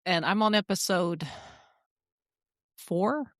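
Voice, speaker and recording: A woman's voice: fairly low pitch, slow, no room sound, studio quality. Blunt, swearing woman podcast co-host. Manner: blunt, swears freely, animated storytelling. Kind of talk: casual chat.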